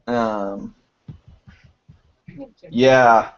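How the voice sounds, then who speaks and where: A man acting as game master in a casual tabletop game, laughing often and pausing with ums. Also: medium pitch, steady tone, clean tone, muffled recording. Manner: laughing, hesitant with frequent ums.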